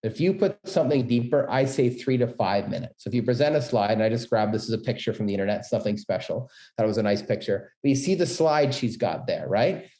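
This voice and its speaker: A middle-aged man, a business school dean, giving an energetic, quick-paced webinar talk on presenting. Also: medium pitch. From Canada. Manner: fast, energetic talker with many quick asides. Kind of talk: presentation tips lecture. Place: room, webinar. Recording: roomy echo.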